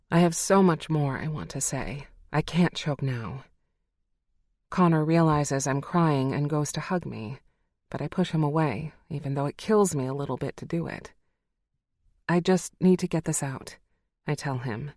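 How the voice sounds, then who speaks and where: A woman narrating a first-person romance audiobook, expressive and heartfelt, close to the mic. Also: deep voice, dry recording.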